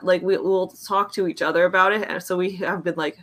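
A woman's voice: fairly low pitch, steady tone, fairly quick, hardly any pauses. A young woman co-hosting a podcast in casual chat, chatty and laughing often as she acts out her dog's reactions. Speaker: podcast co-host.

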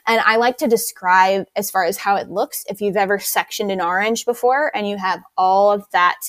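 A woman's voice: mid-range voice, fairly even intonation, normal speed, fairly bright tone, dry recording. A woman movement instructor explaining her method in an interview, eager and detailed.

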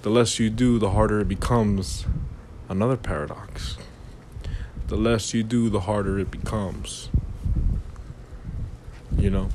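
A man's voice: fairly low pitch, a little mellow, a little hiss or hum. A man hosting a casual motivational monologue, rambling and philosophical, with lots of "you know".

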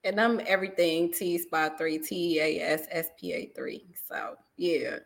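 A woman co-hosting a casual comedy podcast chat, telling quick stories and laughing often. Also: fairly low pitch, fairly even intonation. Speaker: podcast co-host.

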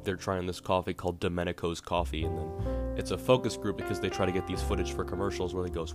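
A man with a very low voice rambles through a wry, self-correcting retelling. Steady guitar music plays in the background. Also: fast talker. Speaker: podcast host. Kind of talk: casual rambling retelling of a play. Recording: guitar music playing behind.

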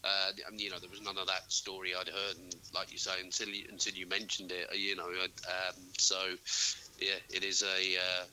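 A man's voice: low voice, monotone, fairly quick, pushed and bright, a little hiss or hum, low-quality recording. A man, co-hosting a casual sports podcast, talking hesitantly with many fillers and restarts. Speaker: podcast co-host. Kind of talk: casual chat.

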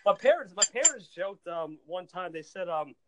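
A young man chatting casually as a guest, excitable and rambling, laughing as he tells stories. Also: sits high, normal speed, very noisy. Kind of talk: casual chat. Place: outdoors at times.

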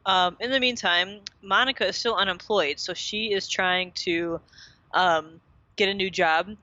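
Woman co-host, chatty recap, bright tense tone, dry dull lo-fi sound. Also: fairly low pitch, no echo. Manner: chatty, lots of fillers and "like". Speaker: podcast co-host. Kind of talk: casual episode recap.

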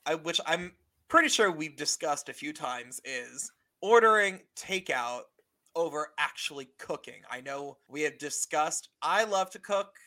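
A man with a high, bright voice talks casually as a podcast co-host. He laughs easily and drops the odd swear word, poking fun at himself as he goes. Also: expressive, unhurried. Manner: laughs often, swears casually, self-deprecating. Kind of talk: casual chat.

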